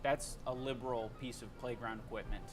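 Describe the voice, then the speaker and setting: A man's voice: mid-range voice, steady tone, a little fast, noisy background. A man narrating a comedic YouTube video with sarcastic, dry commentary. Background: background music.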